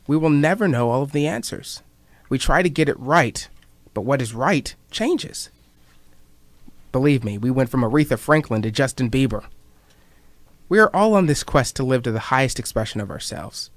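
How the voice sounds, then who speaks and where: A man's voice: mid-range voice, no echo. A man in his twenties, a student writer, reading his own personal essays aloud with a wry, reflective manner. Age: 20s.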